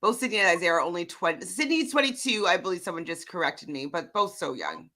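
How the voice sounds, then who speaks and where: A woman's voice: fairly low pitch, sing-song, quick pace, bright, forceful tone. A woman co-hosting a casual recap chat, reading viewer comments aloud and laughing often.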